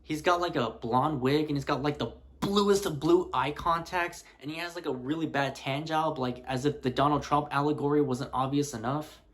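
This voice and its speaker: A man talks through horror film picks in a loose, casual vlog manner, sprinkling "like" throughout. His speaking voice sits a little higher than most men's. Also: normal speed, hardly any pauses, a bit bright. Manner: chatty, loose, many "like" fillers. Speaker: movie reviewer.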